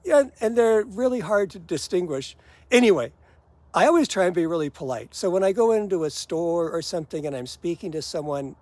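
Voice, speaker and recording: Chatty older man, high-pitched and dry. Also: expressive, a little fast, darkish tone, no echo. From United States. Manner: chatty, wry, laughs at his own gripes. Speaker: vlogger. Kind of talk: casual talk to camera.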